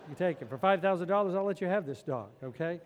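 A woman's voice: fairly low pitch, expressive, fast talker, in a large hall, slight background noise, natural voice. A man preacher voicing an indignant woman who is defending her dog. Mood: giving in. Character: offended woman dog owner who gives in.

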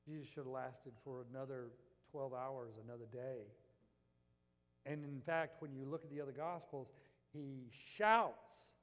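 A male pastor preaching a sermon, moving between hushed, earnest tones and impassioned shouting. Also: medium pitch, a little slow. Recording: long reverb of a church hall.

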